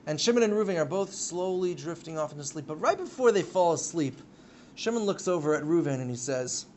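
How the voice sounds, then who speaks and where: Guy teaching a class, kinda high voice, gets loud when the story heats up. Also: fairly quick. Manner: animated storytelling, with sudden loud bursts. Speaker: Torah teacher. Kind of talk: live lecture to a class.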